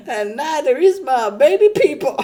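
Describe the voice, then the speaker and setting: A woman voicing a lecherous, leering old grandpa with a shrill, cackling voice, as a comedic bit on a stream. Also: dark tone, full character voice. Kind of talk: comedic role-play on stream.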